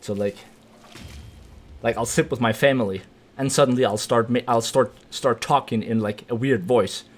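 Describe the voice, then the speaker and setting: A man's voice: medium pitch, fairly even intonation, normal speed. A young man from Denmark live-streaming a video game, reacting with swearing and yelps, then explaining game mechanics. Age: 20s. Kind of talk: casual live-stream gaming chat.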